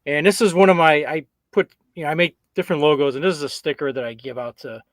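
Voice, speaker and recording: A man's voice: fairly high pitch, fairly even intonation, fast, no echo. A man with a slightly raised speaking voice is chatting on a live stream as co-host. He drifts through his story, stops mid-sentence and restarts with plenty of uh's. The sound is close and dry, with almost no room around it. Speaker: co-host, screen printing business owner. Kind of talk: casual live-stream chat.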